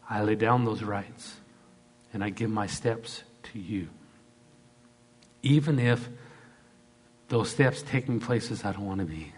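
A man's voice: lowish voice, a little slow, pauses often, breathy edge. A middle-aged man, a pastor, preaching an emphatic sermon and leading the congregation in call-and-response.

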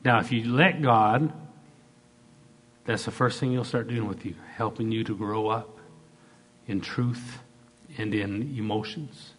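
A man's voice: lowish voice, measured pace, long pauses, fairly bright tone, slight background noise. A middle-aged man, a pastor, preaching an emphatic sermon and leading the congregation in call-and-response.

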